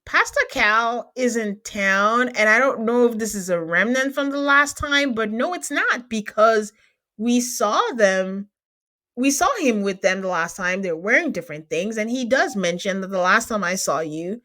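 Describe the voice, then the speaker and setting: A woman's voice: medium pitch, expressive, normal speed, pushed and bright. A woman hosting a podcast, recapping a reality show in casual chat, teasing and laughing often.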